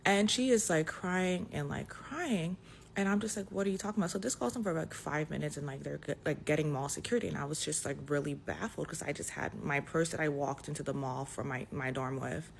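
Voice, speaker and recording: A young adult woman casually telling a personal story, animated and dotted with "like" fillers. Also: low voice, a little fast, creaky, slight background noise. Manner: animated retelling, full of "like" fillers. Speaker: storyteller in a clip.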